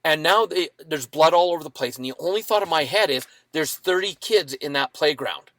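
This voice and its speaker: Guest voice: man in his fifties, slightly high, animated storyteller, dry booth sound. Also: a little fast, dry recording. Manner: animated, dramatic retelling with acted quotes. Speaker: podcast guest. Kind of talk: storytelling in a podcast interview.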